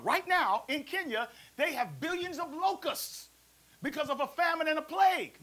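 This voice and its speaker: A man preaching a sermon as pastor, lively and playful, calling on the congregation to answer back. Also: very high voice, normal speed, rough recording. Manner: preachy, call-and-response, playful asides. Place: church service also streamed to a prayer line.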